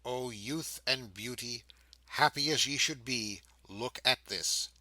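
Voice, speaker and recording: A man's voice: mid-range voice, takes it slowly, sharp tone, no room sound, poor audio. A man reading an audiobook, voicing a fallen young woman who pleads with tremulous grief. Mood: anguished.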